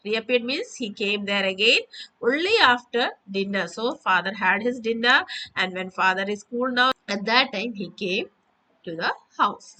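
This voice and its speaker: Bright-voiced woman teaching. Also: on the high side, animated, moderate pace, slight background noise, low-quality recording. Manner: explains word by word, repeating with "that means". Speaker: English teacher. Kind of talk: lesson explanation.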